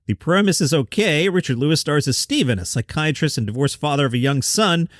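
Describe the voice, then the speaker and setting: Male podcast host, higher register, dry booth sound, sarcastic commentary over press clippings. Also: expressive, a little fast, no room sound. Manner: wry, sarcastic asides. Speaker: comedy news podcast host. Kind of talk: reading press quotes with commentary.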